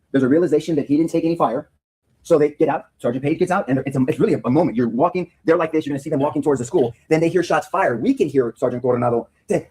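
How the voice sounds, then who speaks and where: A man's voice: fairly high pitch, mellow, slightly rough, poor audio. A man speaking as a defense attorney in a courtroom, giving an earnest opening statement to a jury and often repeating words as he restarts his sentences.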